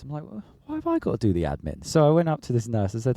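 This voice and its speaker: A man co-hosting a podcast, telling an animated, sweary story in casual chat. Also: medium pitch, fast, few pauses, no room sound. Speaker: podcast co-host.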